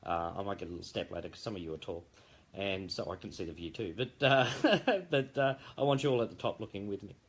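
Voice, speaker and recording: A man's voice: low voice, quick pace, husky. A man founder giving a rambling, jokey live update late at night, full of fillers and restarts.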